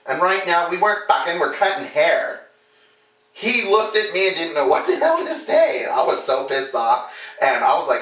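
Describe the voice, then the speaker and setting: Guy hairdresser ranting a story, cussing, bright voice, echoey room, mic kinda far. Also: medium pitch, moderate pace. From Alaska. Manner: animated, profane, acts out quotes. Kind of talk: casual storytelling.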